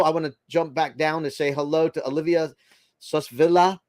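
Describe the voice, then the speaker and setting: A man's voice: a little high, steady tone, moderate pace, darkish tone, no echo. Older man chatting on a dry livestream. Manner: rambling, chatty, reads viewer comments aloud. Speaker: livestream host reading chat. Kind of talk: casual livestream chat.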